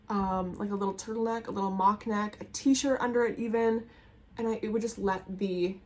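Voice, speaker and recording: A young woman chats at home in front of her closet, rambling and enthusiastic as she vlogs. Her voice sits at an ordinary middle pitch, and she talks loosely, with plenty of asides and trailing thoughts. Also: a little hiss or hum. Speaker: knitting vlogger. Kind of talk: casual chat. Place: home room with colorful closet behind.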